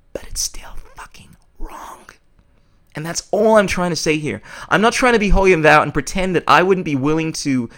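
A man's voice: a little high, fairly bright tone. A man hosting a podcast, delivering a blunt, opinionated monologue full of swearing. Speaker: podcast host.

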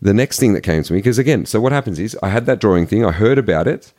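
A fast-talking man with a fairly low voice guests on a podcast as a poet and yogi. He chats casually and tells stories in a rambling, animated, emphatic manner.

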